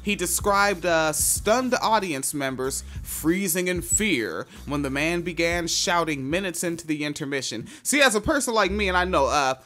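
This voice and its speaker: Male podcast host, profane, loose news riffing, lively pitch, faint music. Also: normal speed, few pauses. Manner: profane, loose, reads news then riffs. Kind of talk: casual news commentary.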